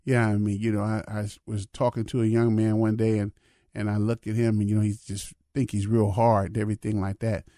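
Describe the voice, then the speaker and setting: Older pastor, dark dry voice. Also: male voice, fairly low pitch, level tone, a little fast, dry recording. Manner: conversational, repeats "you know what I mean". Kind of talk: informal spiritual reflection.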